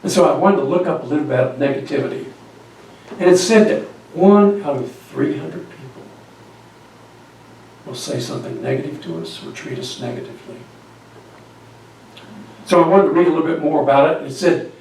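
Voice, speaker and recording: A man delivers a sermon, retelling a story and turning questions to his listeners. His voice sits a bit high for a man. It booms around a very echoey church sanctuary, caught from a distance over faint room noise. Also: a little fast, long pauses, darkish tone. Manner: storytelling, asks the congregation questions. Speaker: pastor. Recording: echoey church hall from far off.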